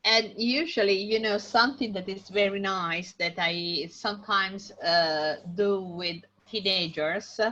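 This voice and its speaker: A woman teaching an English class online, talking slowly with many pauses and fillers. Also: medium pitch, pushed and bright. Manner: slow, hesitant, many fillers. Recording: dull lo-fi audio.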